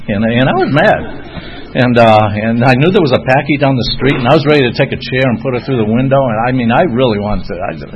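A man's voice: mid-range voice, lively intonation, fast talker. Rambling man telling a recovery story. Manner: rambling and self-deprecating, with frequent chuckles and fillers. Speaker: recovering alcoholic sharing his story. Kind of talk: recovery meeting talk. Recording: dull lo-fi recording with faint noise.

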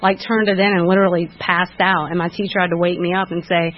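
A woman's voice: fairly low pitch, little pitch movement, fast. A woman giving a candid personal recovery testimony at a meeting, frank and self-critical, often restarting with fillers. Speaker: speaker sharing at a recovery meeting. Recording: dull lo-fi recording.

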